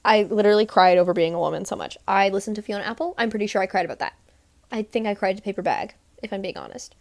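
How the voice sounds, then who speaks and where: A woman's voice: mid-range voice, fast, vocal fry, a little mellow, no echo. A woman from Texas talking casually to camera in a rambling vlog recap, full of "like" and "um". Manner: rambling, lots of "like" and "um". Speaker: vlogger.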